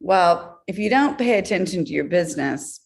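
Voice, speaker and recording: A woman guest on an interview show, telling business stories in an animated way with laughs along the way. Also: fairly low pitch, normal speed. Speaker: guest, entrepreneur. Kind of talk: conversational storytelling.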